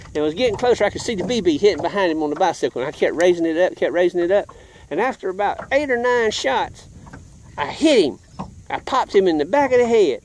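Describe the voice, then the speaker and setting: A middle-aged man spins a childhood tale in a lively, folksy way while he fishes out on the water. His voice sits fairly high for a man, and he throws himself into the voices and sound effects. There is a faint hiss of noise behind him. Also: quick pace. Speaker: vlogger telling a childhood story while fishing. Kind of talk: casual storytelling. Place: outdoors on the water, fishing.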